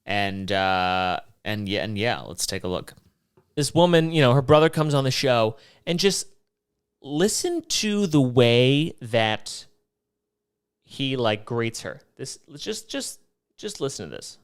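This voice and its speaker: A man hosting his own podcast, rambling through past episodes in a joking, animated way and swearing freely. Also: medium pitch, slow pace, smooth. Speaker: podcast host. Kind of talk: rambling solo podcast monologue.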